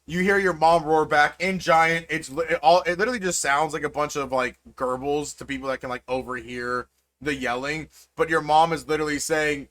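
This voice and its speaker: A man's voice: on the high side, fairly even intonation, brisk, a bit bright. A man narrating as game master of a tabletop game, loose and rambling with many fillers.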